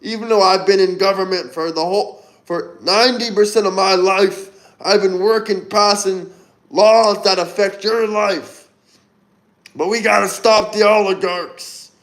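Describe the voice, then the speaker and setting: A man's voice: high voice, fairly even intonation, a little slow, fairly bright tone. A man doing an impression of an elderly politician who rants repetitively against oligarchs. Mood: ranting. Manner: repetitive, preachy ranting.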